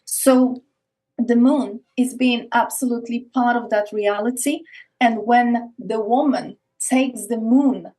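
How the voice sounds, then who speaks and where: Earnest Eastern European woman, fairly high voice. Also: mellow. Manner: intense, repeats words, slows on key phrases. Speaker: podcast guest. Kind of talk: earnest conversational explaining.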